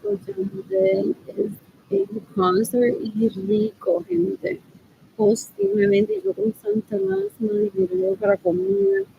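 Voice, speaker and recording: A woman's voice: very high voice, measured pace, vocal fry, phone-quality sound, a little hiss or hum. A woman talking in a rambling monologue, repeating phrases again and again and switching between English and Spanish.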